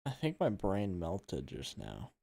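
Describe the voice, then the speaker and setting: A man's voice: low voice, huge pitch swings, slow, vocal fry, warm tone, slightly rough. A man on a casual livestream, reading a text game aloud and typing commands, swearing now and then. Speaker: streamer.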